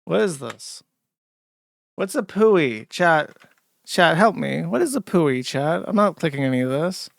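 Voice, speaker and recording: A man's voice: a little high, big pitch swings, measured pace, gravelly, dry recording, studio quality. A man hosting a live stream, reacting to clips with profane, sarcastic ranting. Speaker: streamer host.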